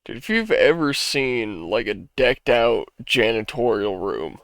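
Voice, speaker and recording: A man's voice: mid-range voice, big pitch swings, takes it slowly, vocal fry, a bit bright, no room sound. A man co-hosting a casual podcast, laid-back and joking, laughing in the middle of sentences. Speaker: podcast co-host.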